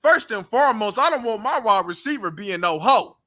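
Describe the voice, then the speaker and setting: A young man with a high, very bright and forceful voice rants about football on his own talk show. He is blunt and heated, calling players out in a loose, casual sports-reaction style. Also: lively intonation, moderate pace. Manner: blunt, trash-talking, heated.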